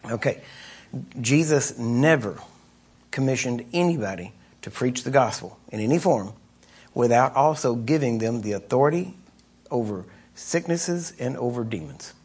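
A middle-aged man preaching an informal sermon. He talks to his listeners in a conversational way, asks "right?" again and again, and often clears his throat. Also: medium pitch, expressive, normal speed, darkish tone. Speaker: preacher teaching on deliverance.

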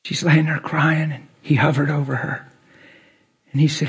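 Male preacher, husky and fairly high, lively testimony storyteller who laughs often. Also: moderate pace, long pauses. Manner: animated storytelling, wide swings from hushed to loud; laughs through his words. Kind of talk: testimony sermon.

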